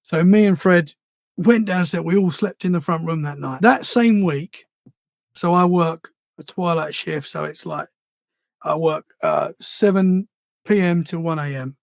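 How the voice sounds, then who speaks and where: A man, speaking high for a man with a gravelly rasp. He tells his story earnestly, often stumbling and repeating words. The sound is close and dry. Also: a little slow, no echo. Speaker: podcast guest. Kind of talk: casual storytelling interview.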